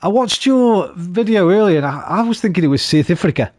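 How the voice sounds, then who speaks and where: A man's voice: sits high, expressive, brisk, darkish tone. Swearing, chatty male game streamer. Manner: swearing, chatty, flares into frustrated outbursts. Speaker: gaming streamer. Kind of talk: live game stream chat. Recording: noisy background.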